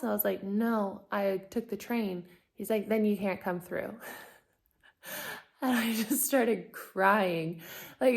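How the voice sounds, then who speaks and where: A woman's voice: medium pitch, creaky. A woman vlogger casually recounting a hard travel day, acting out the people she met and laughing often. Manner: animated, acts out quoted exchanges, laughs often. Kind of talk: casual storytelling vlog.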